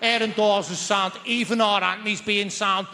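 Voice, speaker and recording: A man voicing an excitable, loud male Liverpool local with a Liverpool accent. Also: sits high, moderate pace, in a large hall, slight background noise. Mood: buzzing. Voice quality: shouty and emphatic.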